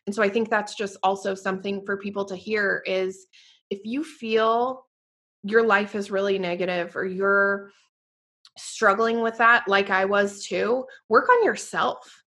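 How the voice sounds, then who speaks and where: A woman co-hosting a podcast in casual chat, effusive and warm, full of "like" fillers. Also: medium pitch, fairly even intonation, measured pace. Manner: chatty, quotes her own past thoughts aloud. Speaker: podcast co-host.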